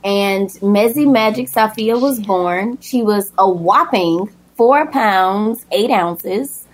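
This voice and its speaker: A woman's voice: mid-range voice, slow, rough recording. A woman guest telling the story of her daughter's birth in a personal, emotional way. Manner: emotional, animated retelling with acted quotes.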